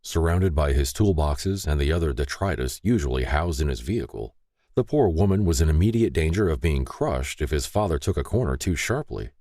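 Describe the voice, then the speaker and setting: A man reads an audiobook with a deep voice that moves expressively up and down. His delivery is scripted and storytelling. The sound is close and completely dry. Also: animated, fairly quick, dark tone, no room sound. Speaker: audiobook narrator. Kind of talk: scripted narration.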